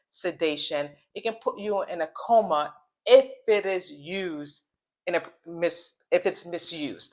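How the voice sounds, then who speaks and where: This deep-voiced woman hosts a laid-back commentary vlog. She wanders from point to point, says things twice, starts sentences over, and slows to spell out tricky words.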